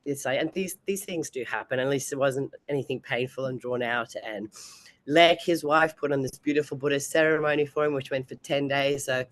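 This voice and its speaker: As an interview guest, a woman bodybuilding competitor chats casually at a brisk pace in an extremely low voice, often laughing between sentences.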